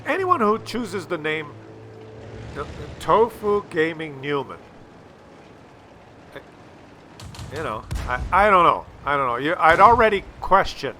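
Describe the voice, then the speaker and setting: A man's voice: fairly high pitch, very animated, measured pace, pauses often, sharp tone, slight background noise. A man doing sarcastic, mocking commentary over a game replay, swearing freely as he calls out a troll. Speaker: gameplay commentator.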